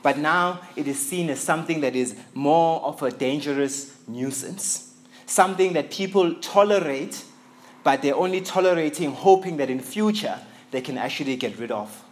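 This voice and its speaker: Preaching at an English church, this visiting pastor from South Africa speaks at a fairly high pitch and moderate pace. His sermon is earnest and emphatic, with key phrases repeated for stress.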